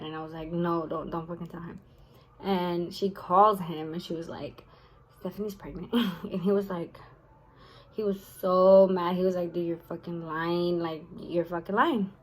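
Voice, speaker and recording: A woman's voice: mid-range voice, rough recording. A young woman telling a personal story in a casual vlog, tired-sounding and full of fillers and swearing. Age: young adult. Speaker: vlogger.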